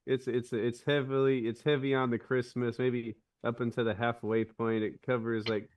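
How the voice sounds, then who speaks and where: A man's voice: mid-range voice, flat delivery, normal speed, recorded from a distance. A man on a podcast, chatting casually and retelling a film scene with many restarts. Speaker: podcast co-host. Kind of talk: casual chat.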